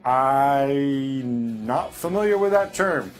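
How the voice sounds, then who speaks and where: A man's voice: mid-range voice, expressive, slow pace, faint music behind. A man on a football panel answering questions in a dry, polite way.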